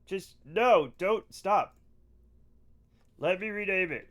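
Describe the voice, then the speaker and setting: A male streamer with a high, bright voice, talking through a live game session. He chats with viewers and breaks into loud, excited greetings and exclamations. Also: takes it slowly.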